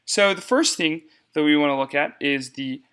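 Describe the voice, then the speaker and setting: A man's voice: on the high side, normal speed, fairly bright tone, clean tone. A young man giving a casual step-by-step screencast tutorial on cutting debate cards, talking to viewers as y'all.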